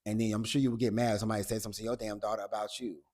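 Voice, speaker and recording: A man's voice: on the low side, little pitch movement, very fast, a little mellow. A man recapping a reality TV episode in a casual vlog. He is blunt and profane, talks straight to the cast, and retells scenes in a chatty, gossipy way.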